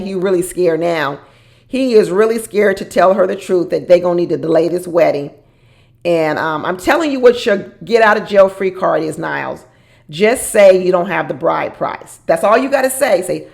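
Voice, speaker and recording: Chatty woman with a gravelly edge. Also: medium pitch, moderate pace. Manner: chatty, laughs often, mimics people she quotes. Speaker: reality TV recap host. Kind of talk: casual recap commentary.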